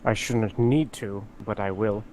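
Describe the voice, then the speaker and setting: A man doing a slow, low, dignified figure. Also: steady tone, a little mellow, a little hiss or hum, natural voice. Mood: calm. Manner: slow, measured and polite.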